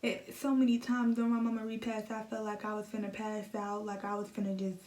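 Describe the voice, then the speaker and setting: A young woman recounts a painful memory in a halting, emotional way, circling back over the same words. Her voice stays flat in pitch. The phone picks her up from a little way off in a roomy, echoing space. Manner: emotional, halting, repeats herself. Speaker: vlogger. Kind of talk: personal storytelling. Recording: echoey room, phone set at a distance.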